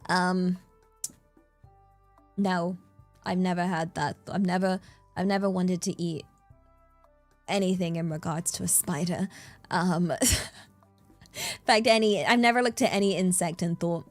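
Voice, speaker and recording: A woman chats on a livestream in a loose, rambling way, full of fillers and playful asides. Now and then her voice jumps up in excited bursts. Soft music plays faintly behind her. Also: fairly low pitch, measured pace, long pauses. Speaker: streamer. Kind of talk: casual livestream chat. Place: in Japan.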